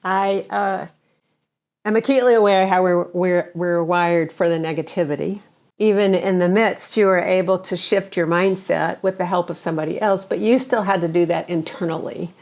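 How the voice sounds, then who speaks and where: A woman's voice: fairly low pitch, fairly even intonation, normal speed, a little mellow. A woman co-hosting a podcast, asking thoughtful questions while searching for words. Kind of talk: interview questions.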